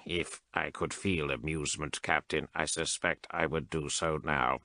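A man voicing a cold, mechanical male cyborg adept who speaks without emotion in slow, precise sentences. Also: extremely low pitch, steady tone, sharp tone, no room sound, voice pushed down, heavily acted.

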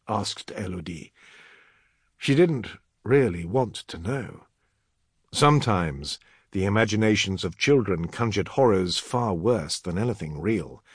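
Slow, husky, dramatic audiobook man. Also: fairly low pitch, no echo, studio quality. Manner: dramatic, expressive reading. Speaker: narrator. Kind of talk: audiobook narration.

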